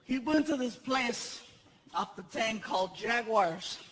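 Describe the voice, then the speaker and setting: A man's voice: very high voice, slow. A man telling a stand-up comedy story on stage, acting out other people's voices. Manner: animated storyteller who acts out other characters' voices. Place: large theater with a live audience. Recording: live stage recording with audience noise.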